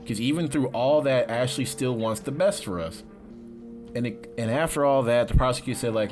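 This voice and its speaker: A man talks through a game in raw, slang-heavy commentary, his voice at an ordinary middle pitch. He is shaken and close to tears, dropping to near-whispers and then bursting out loud. Soft game music plays faintly behind him. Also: a little fast. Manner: slangy, profane, swings from quiet to shouting. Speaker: gaming YouTuber. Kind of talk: emotional let's-play commentary.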